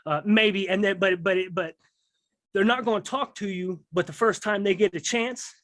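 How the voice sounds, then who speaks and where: The speaker, a guest, tells a rambling prison-life story in street slang, repeatedly checking with "you know what I mean." His high-pitched voice is a bit bright and moves at a moderate pace, with no echo.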